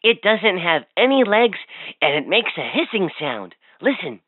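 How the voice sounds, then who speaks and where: A woman's voice: medium pitch, sing-song, moderate pace, dry recording. A woman voicing a cheerful, chatty talking toy that quizzes and teases a child in a playful sing-song. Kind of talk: toy voice lines. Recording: tinny, dry toy speaker audio.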